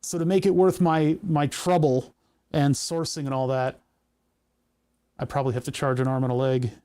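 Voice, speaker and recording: A man's voice: mid-range voice, little pitch movement, normal speed, warm tone, smooth. A man streaming while he builds electronics, thinking aloud in a rambling, jokey way as he works through each technical step. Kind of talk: casual live-stream chat while working.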